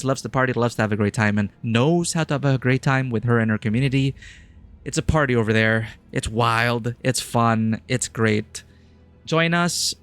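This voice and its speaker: A man commentating a live game playthrough in a playful, goofy way, reading game text aloud. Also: medium pitch. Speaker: streamer.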